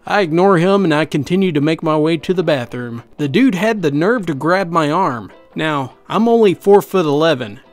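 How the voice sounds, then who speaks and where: A man's voice: on the high side, expressive, moderate pace, few pauses. A man reading out funny customer stories in a wry, conversational narration. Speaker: host reading online stories. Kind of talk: scripted narration. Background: faint background music.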